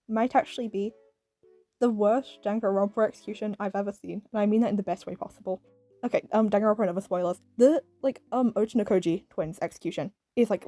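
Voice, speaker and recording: A British woman with a medium-pitched, dark voice gives a casual, rambling video review, scattering "like" and "um" throughout and laughing lightly often. The recording has no echo.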